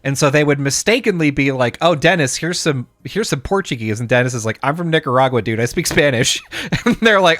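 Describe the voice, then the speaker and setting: A man's voice: fairly high pitch, fairly quick, fairly bright tone, no room sound. Chatty man with a dry close voice. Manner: rambling, many fillers and restarts, acts out quoted people. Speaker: podcast co-host. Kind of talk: casual chat.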